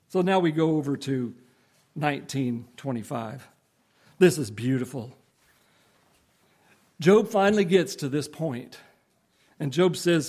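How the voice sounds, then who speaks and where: A man's voice: on the high side, animated, a little mellow. A man preaching a sermon, explaining scripture earnestly and emphatically, with rhetorical questions to his listeners. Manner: reads scripture slowly in old-fashioned English.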